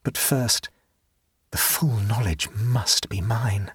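A man's voice: lowish voice, slow, a bit bright, breathy edge, no echo, clean studio sound, heavily acted. A man reading the part of a serene, rapturous young man who talks with ecstatic, preaching fervor. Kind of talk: audiobook character reading.

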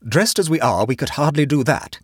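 A man's voice: a little high, lively intonation, brisk, breathy edge, no echo, clean studio sound. A man voicing a prim, flustered middle-aged lady in a storybook reading, talking stiffly and with growing exasperation. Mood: exasperated. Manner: reluctant, stiff, increasingly exasperated.

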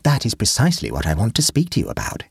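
A man voicing Egbert, an earnest, fussy young English gentleman who speaks in a raised, excitable voice. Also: fast talker, vocal fry, husky, no echo, studio quality, full character voice. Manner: earnest, excitable, pitch rising.

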